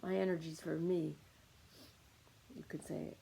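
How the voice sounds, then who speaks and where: A woman's voice: on the low side, steady tone, unhurried, creaky, mellow, slight background noise, rough recording. A woman leading a guided meditation on anger, coaching listeners with short repeated commands.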